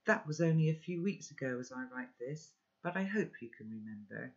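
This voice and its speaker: A man's voice: on the high side, expressive, brisk. A man reading a loving father's letter to his son aloud, earnest and instructive. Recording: dull, lo-fi recording.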